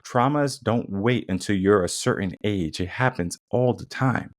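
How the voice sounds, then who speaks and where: A man's voice: lowish voice, a little slow. A young adult man hosting a podcast, talking in an emphatic, repetitive way and acting out quotes in changing tones. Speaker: podcast host. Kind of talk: casual monologue.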